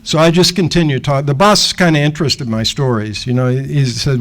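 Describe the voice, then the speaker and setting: Guy in his 60s giving a talk, telling a story animated, normal mid voice, acting out the people in it. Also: medium pitch, quick pace, low-quality recording. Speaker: guest speaker. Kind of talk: storytelling lecture.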